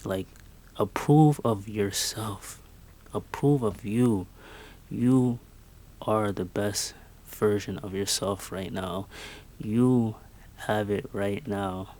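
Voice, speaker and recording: Earnest young man with a lowish voice. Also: slow pace, long pauses, a little mellow. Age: 20s. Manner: earnest, emphatic and repetitive. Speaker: podcast host. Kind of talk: motivational monologue.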